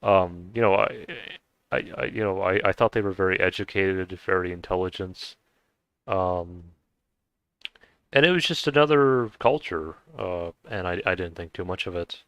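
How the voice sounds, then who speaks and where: A young man from the United States talks through a casual personal monologue in a very low, smooth voice. He stumbles and restarts often, and the close, dry recording keeps him right up front. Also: a bit bright, no echo, muffled recording. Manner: halting, many restarts and fillers. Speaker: vlogger.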